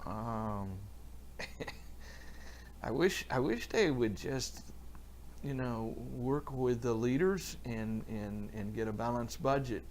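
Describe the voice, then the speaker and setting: A man's voice: mid-range voice, animated, takes it slowly, long pauses, darkish tone, slight background noise. A man, a pastor, giving a loose, rambling Bible talk on a livestream from his church while answering viewers in the chat by name. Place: church, alone.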